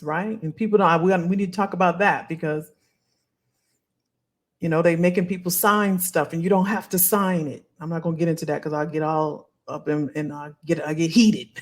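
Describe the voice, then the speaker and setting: A woman as a career coach on a live stream. She talks straight to her viewers in an animated, emphatic way and reads out their comments casually. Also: on the low side.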